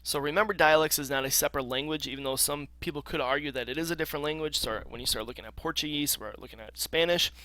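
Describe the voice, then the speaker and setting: Bright-voiced male teacher lecturing. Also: a little high, quick pace, few pauses, no echo. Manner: casual explaining with frequent ums and throat clearing. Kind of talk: recorded classroom lecture.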